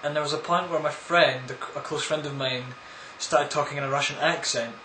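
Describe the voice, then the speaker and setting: A man's voice: fairly high pitch, fairly even intonation, brisk, pushed and bright, slight background noise. A man answering viewer questions in a casual, rambling vlog, full of crude, absurd jokes. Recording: echoey room.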